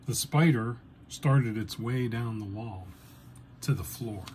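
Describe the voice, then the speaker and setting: A man telling a personal story with dry, understated humor. His voice sits at a middle pitch, and he takes his time, letting each line land slowly. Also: background noise. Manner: deliberate, dryly humorous.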